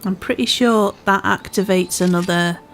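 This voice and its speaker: A woman's voice: medium pitch, moderate pace, soft background music. A woman with a part Scouse, part Welsh accent, casually commentating a game she is playing, chatty and self-deprecating. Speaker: gaming channel host. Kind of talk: casual let's-play commentary.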